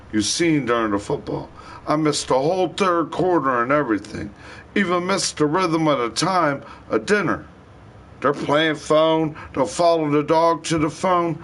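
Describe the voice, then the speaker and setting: A man's voice: fairly high pitch, lively intonation, a little slow, a bit bright. A man livestreaming a rambling, profane rant in heavy slang.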